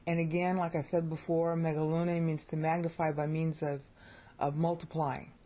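Woman, American accent, middle-aged, low mellow voice, casual Bible Greek lesson, chatty, animated, checks in with viewers. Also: normal speed. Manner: chatty and animated, with sudden excited jumps in pitch; keeps checking in with listeners and pokes fun at her own pronunciation.

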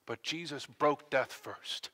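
A male pastor preaching an impassioned sermon, dropping to a hush and then rising to loud declarations. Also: medium pitch, takes it slowly. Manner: impassioned, swinging between hushed and loud delivery. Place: church. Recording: long church-hall reverb.

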